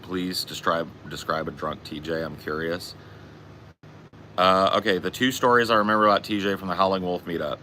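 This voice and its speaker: Podcast host, low voice, bright tone, cusses freely while telling a story. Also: male voice, normal speed, slight background noise. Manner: swearing, animated anecdote-telling. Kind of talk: casual storytelling chat.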